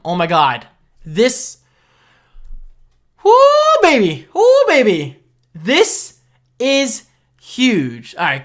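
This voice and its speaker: A young man talking casually in a tech reaction vlog, excitable and quick to get loud and heated. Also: fairly high pitch. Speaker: tech vlogger.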